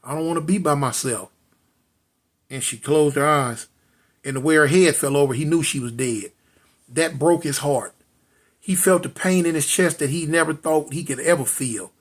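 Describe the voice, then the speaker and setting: A man telling a street story dramatically, repeating lines, calling out to listeners and voicing gunshot sounds. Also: on the high side. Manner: addresses listeners directly.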